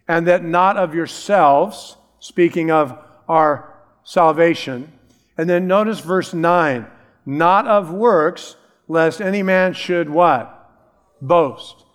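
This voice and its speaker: A man's voice: a little high, in a large hall. A middle-aged man preaching a sermon as a pastor, emphatic and repeating key phrases.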